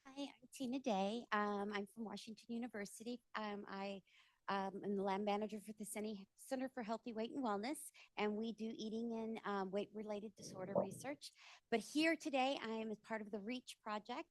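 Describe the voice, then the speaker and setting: A woman's voice: mid-range voice, moderate pace, no echo. A woman who manages a research lab, giving an earnest, plain-spoken introduction at a community meeting.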